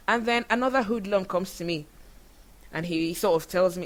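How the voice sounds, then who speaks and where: A woman from Nigeria with a Nigerian accent, hosting a show and telling stories in a chatty, animated way full of fillers. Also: medium pitch, moderate pace, a little hiss or hum. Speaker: podcast host. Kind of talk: casual storytelling monologue.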